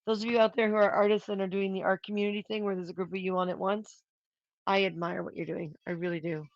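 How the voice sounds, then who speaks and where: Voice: medium pitch, flat delivery, quick pace, dry recording, lo-fi sound. A prop maker hosting a casual livestream, rambling and thinking aloud while working and tallying material costs.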